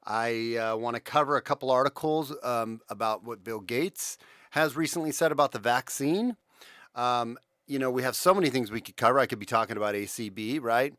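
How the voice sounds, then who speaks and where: A man's voice: medium pitch, fairly quick, a bit bright, dry recording, studio quality. A man hosting a casual livestream, talking with viewers in a rambling way with many restarts. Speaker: livestream host.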